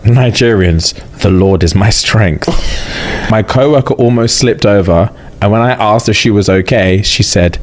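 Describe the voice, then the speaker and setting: A man's voice: fairly low pitch, unhurried. A man delivering a comedic monologue in an exasperated, mock-dramatic manner. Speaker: social media commentator.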